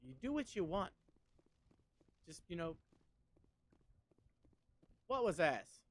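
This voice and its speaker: A man in his thirties chats casually on a stream in a rambling, conversational way, full of fillers and restarts. His voice is a little high and very animated, though his pace is slow.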